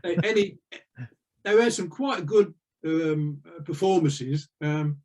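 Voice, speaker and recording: A man's voice: a little high, slow, a little mellow. An older man, a retired navy veteran, telling rambling anecdotes with lots of fillers in an interview. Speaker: interview guest. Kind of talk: casual storytelling.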